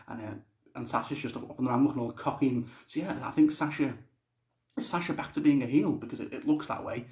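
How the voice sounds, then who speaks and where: A man's voice: medium pitch, fast talker, darkish tone. A young man giving a casual, blunt spoken review, swearing freely. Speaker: wrestling show reviewer. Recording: roomy echo.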